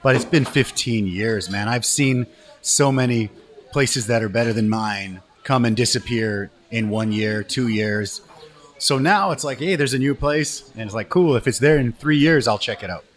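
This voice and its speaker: A man's voice: medium pitch, normal speed. A man hosting a casual live show over food, laid-back and chatty, calling his guest brother. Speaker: host, restaurant owner.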